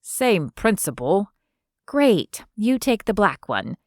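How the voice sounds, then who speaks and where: Friendly wry young southern gal, read by a woman, mid-pitched, dry recording. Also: sing-song, slow, a little mellow, no echo.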